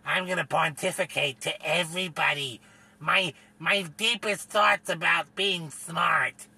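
A man's voice: on the high side, fairly even intonation, unhurried, gravelly, bright, forceful tone, slightly rough, pitched above the performer's own voice, exaggerated voice. A man mocking a snooty know-it-all. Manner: prissy, mocking, sing-song. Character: snooty pretentious adult who talks down to others.

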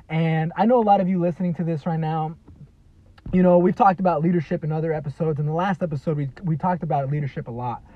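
A man in his thirties hosting a podcast, talking earnestly in a motivational monologue, leaning on "you know" and "man" and repeating himself for emphasis. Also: on the high side. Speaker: podcast host. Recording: dry, slightly dull lo-fi podcast audio.

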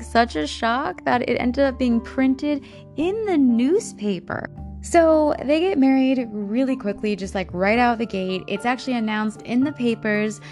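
Woman, casual true crime storyteller, slightly high voice, swears freely, faint background music. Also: darkish tone. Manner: candid, swears freely, nervous laughter.

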